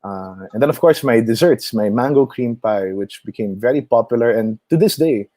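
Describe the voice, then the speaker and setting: A man with a Filipino accent, a chef chatting as an interview guest, animated and quick to laugh as he tells stories. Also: medium pitch, dry recording. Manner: animated storyteller, mixes in Tagalog, laughs often. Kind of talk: casual interview conversation.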